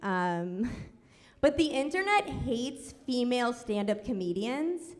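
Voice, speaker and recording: A woman's voice: fairly high pitch, big pitch swings, slow. A woman from New York doing a sarcastic, self-deprecating stand-up set on a club stage. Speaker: stand-up comedian. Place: comedy club stage, audience laughing. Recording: live club recording, long reverb, audible noise.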